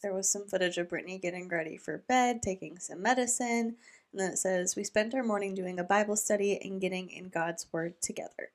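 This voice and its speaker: A woman hosts a reaction commentary with a sarcastic, incredulous edge. Her voice sits at a middle pitch, and her delivery is animated. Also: a little fast. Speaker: commentary host.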